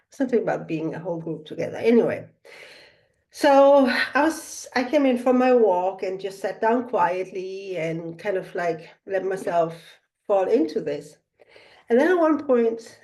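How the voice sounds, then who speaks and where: A middle-aged woman speaking softly and reflectively, telling a personal spiritual story with many pauses and fillers. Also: lowish voice. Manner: soft-spoken, meandering, with frequent fillers.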